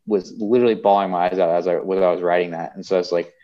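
Young guy with a real low voice, rambly and emotional, lots of likes and um, kinda dull lo-fi sound. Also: steady tone, very fast. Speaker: podcast guest. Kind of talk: casual chat.

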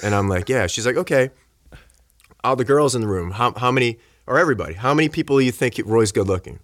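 A man with a mid-range voice talks fast as a podcast guest, casually telling an animated story packed with fillers like "like" and "you know." He acts out what people said to him, and the studio-quality audio has no room sound.

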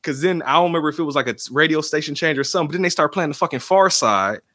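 An excitable man guesting on a podcast tells animated stories with frequent laughter and casual profanity. His voice sits a bit high for a man. The sound is close and dry. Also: very fast, dry recording. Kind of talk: casual movie review chat.

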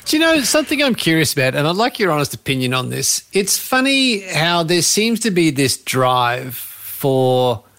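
A man hosting a podcast interview, asking long questions in halting, searching phrasing. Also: on the high side, sing-song, fairly bright tone. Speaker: podcast host.

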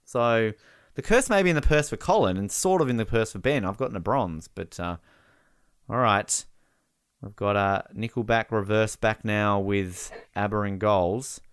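A man co-hosting a podcast, chatting casually over a live match and breaking into excited shouts at big moments. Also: fairly low pitch, normal speed, smooth, dry recording, clean studio sound. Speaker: podcast co-host. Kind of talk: casual live-watch commentary.

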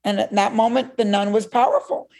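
A woman's voice: mid-range voice, a little fast, creaky. A woman from Cuba telling a story as a guest in a conversation, acting out the voices she quotes. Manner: animated, acts out quoted voices.

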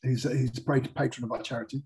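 A man's voice: mid-range voice, steady tone, fast talker, a little mellow, slightly rough. An English man talking casually as a guest, hesitant, with many fillers and restarts. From England. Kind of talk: casual chat.

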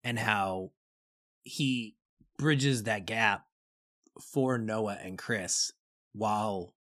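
A man's voice: on the low side, very slow, fairly bright tone, dry recording, studio quality. A man co-hosting a podcast, chatting casually and enthusiastically about a movie in a rambling way. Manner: enthusiastic, rambling, lots of fillers. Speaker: podcast co-host. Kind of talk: casual movie review chat.

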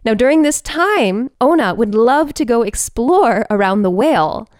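A woman podcast host telling a personal story in an animated, expressive way, with big swings in pitch and pace. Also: a little slow, dry recording, studio quality.

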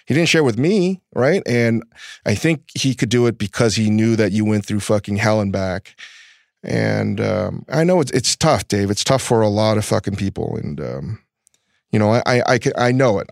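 A man hosting a podcast, speaking in a reflective, halting way and swearing often. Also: lowish voice, creaky, no echo, clean studio sound. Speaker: host. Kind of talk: reflective conversation.

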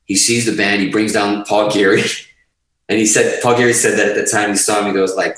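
A middle-aged man from Portugal, a guest musician telling a story on a podcast in a lively, profane way, acting out the quotes. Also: fairly low pitch, quick pace, far from the mic. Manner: animated, profane, acts out quotes. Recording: echoey room, off-mic.

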